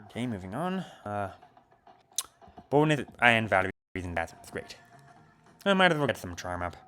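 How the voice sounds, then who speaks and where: Chatty lively man streaming a game. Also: lowish voice, moderate pace, pauses often. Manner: chatty, reading game text aloud. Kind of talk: let's play commentary.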